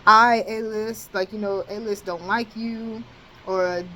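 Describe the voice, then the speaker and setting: A woman's voice: medium pitch, slow, slight background noise, low-quality recording. A young woman telling a personal story to the camera in a casual, candid way, cursing freely and acting out what people said. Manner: candid, swearing, animated retelling with quoted asides.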